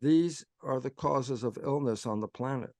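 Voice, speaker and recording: An older man speaking as a guest, explaining his ideas in an animated, conversational way and acting out both sides of his own inner dialogue. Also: mid-range voice, moderate pace, no room sound, studio quality.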